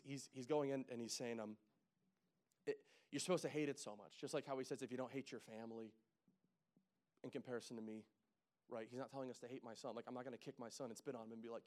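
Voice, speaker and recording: A man in his thirties preaching a casual, joking sermon that rises into loud, emphatic calls to the congregation. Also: mid-range voice. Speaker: pastor.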